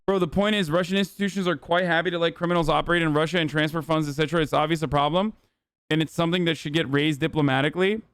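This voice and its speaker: A man's voice: on the high side, fairly even intonation, rapid-fire, a bit bright, clean tone, dry recording, clean studio sound. A man hosting a livestream, giving blunt, profane, rambling political commentary full of fillers. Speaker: livestream host.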